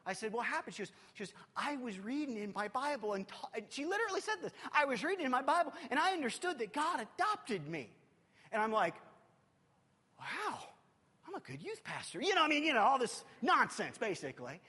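A man preaching in a church hall with a high, lively voice that leaps up and down. His delivery is animated and urgent, then sinks to a hush, and long reverb hangs behind every phrase. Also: a little fast, husky. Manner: animated preaching, swinging from loud urgency to hushed intimacy. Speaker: youth pastor. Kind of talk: sermon.

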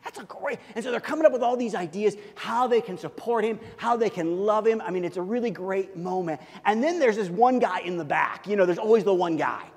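A man's voice: high-pitched, a little fast, hardly any pauses, big-room sound. A man preaching a sermon as pastor, telling the story in a loose, conversational way with many fillers and restarts.

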